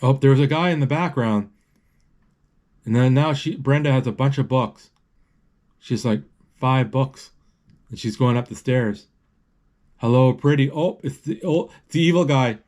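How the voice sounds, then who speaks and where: A man narrates a movie live as it plays, in a dark, mellow voice. He stumbles through his sentences, restarting and correcting himself as the scenes change. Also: medium pitch. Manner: halting, with many restarts and self-corrections. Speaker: movie describer.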